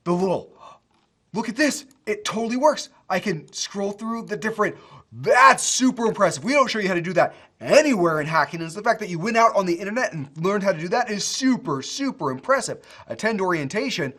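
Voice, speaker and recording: A coding school instructor who reviews student projects in a casual screen-share video, excitable and gushing, rambling with restarts. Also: medium pitch, brisk.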